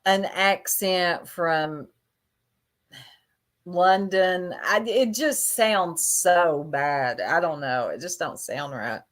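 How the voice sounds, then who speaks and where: A woman's voice: on the low side, expressive, very slow, fairly bright tone. A woman in casual livestream chat, gossiping in a chatty, catty, drawling way.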